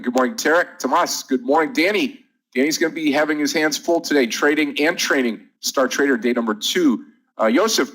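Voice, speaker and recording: A man's voice: medium pitch, rough recording. A man hosting a live day-trading room, running through market numbers and greeting viewers by name in an upbeat, chatty way.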